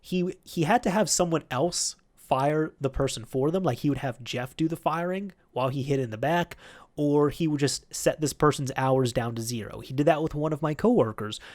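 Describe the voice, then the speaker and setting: A man's voice: a little high, normal speed, a little mellow. A man hosting a vlog, telling a work story in a chatty, rambling way with many fillers. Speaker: YouTube host.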